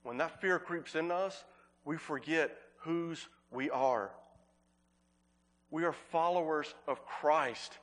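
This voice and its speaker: A man preaching a sermon as pastor, earnest, repeating words for emphasis and slowing on key phrases. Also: on the high side, a bit bright.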